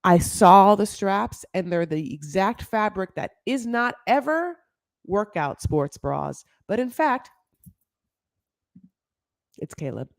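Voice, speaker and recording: Gossipy woman with heavy vocal fry. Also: medium pitch, lively intonation, slow, long pauses, no room sound. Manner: gossipy, heavy filler words, calls viewers honey. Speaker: TV show recap host. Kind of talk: casual chatty recap.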